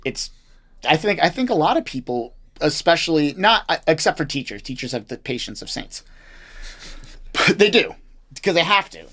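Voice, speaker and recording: Blunt, animated chef guest. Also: male voice, fairly high pitch, normal speed. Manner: animated, blunt, swears freely. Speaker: chef and restaurant owner, podcast guest. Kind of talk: casual interview chat.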